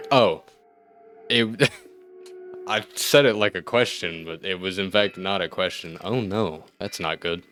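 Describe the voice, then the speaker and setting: Male gamer host, deep voice, casual play-by-play with wry asides. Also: measured pace, soft background music. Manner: thinks aloud, wry asides, sudden excited outbursts. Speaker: gaming video host. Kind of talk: let's-play commentary.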